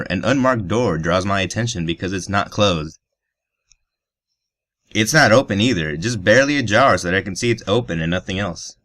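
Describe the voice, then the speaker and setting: A man with a low, deep voice reads a visual novel aloud for a let's play. He keeps breaking the narration with crude, joking asides. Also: pushed and bright, no echo, studio quality. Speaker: let's player.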